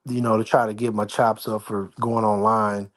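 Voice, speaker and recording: Man talking low on a home livestream. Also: level tone, moderate pace, fairly bright tone. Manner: rambling, conversational, slangy, keeps his voice down. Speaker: livestream host. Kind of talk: casual live-stream chat. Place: at home, apartment.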